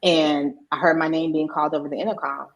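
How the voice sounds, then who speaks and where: A woman's voice: sits low, steady tone, quick pace, rough recording. A middle-aged woman, a podcast guest, candidly telling a personal story and acting out the voices of people she quotes. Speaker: podcast guest, mindset coach.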